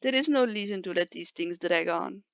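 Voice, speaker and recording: A woman's voice: mid-range voice, normal speed, fairly bright tone, smooth, no echo, highs cut off. A woman hosting a game playthrough, chatting playfully and giggling with a friend. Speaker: let's play host. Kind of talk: casual chat over a game.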